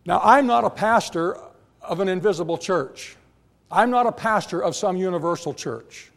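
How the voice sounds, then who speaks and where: A man preaching from the pulpit of a church, his voice high for a man and rough with gravel. He hammers his points by repeating phrases and stumbles through quick restarts as he presses on. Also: animated. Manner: emphatic, repetitive, stammering restarts. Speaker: pastor. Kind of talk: sermon. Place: church sanctuary.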